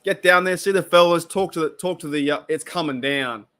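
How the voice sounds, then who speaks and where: Bright-voiced man on a live stream. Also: fairly high pitch, a little fast. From Australia. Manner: chatty, exclaims and laughs at comments, repeats himself. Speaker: podcast host reading live chat. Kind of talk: casual live-stream chat.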